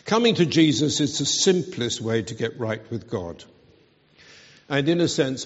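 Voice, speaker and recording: A man preaching a sermon at a slow, deliberate pace. His delivery is earnest and emphatic. The sound is dull and rings with a long hall reverb. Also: mid-range voice.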